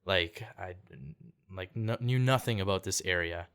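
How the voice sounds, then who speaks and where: A man's voice: sits low, measured pace, a bit bright, clean tone. A young man from Canada telling a story in casual podcast chat, laid-back, peppering his talk with "like" and "dude" and acting out quotes. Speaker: podcast guest, singer-songwriter.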